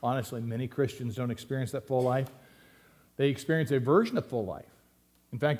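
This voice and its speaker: A man's voice: medium pitch, animated, a little fast, darkish tone. A man preaching a sermon to his church, reading scripture and explaining it in a conversational way with emphatic rises and asides. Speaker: pastor.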